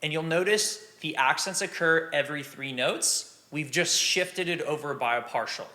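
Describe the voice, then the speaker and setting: A man's voice: a little high, normal speed, sharp tone. A man explaining drum exercises patiently and counting beats aloud as a teacher. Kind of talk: instructional drum lesson.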